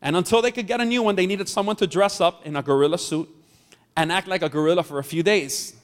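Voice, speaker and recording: Here a pastor with a high voice moves at a quick pace through a sermon, telling a story and joking with his congregation. The setting is a church hall, and the recording has a long hall reverb.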